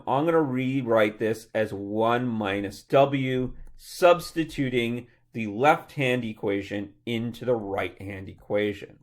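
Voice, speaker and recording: Male tutor narrating a worked problem: slow, measured, mid-pitched, steady and methodical. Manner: methodical, talks through each step aloud. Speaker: chemistry tutor.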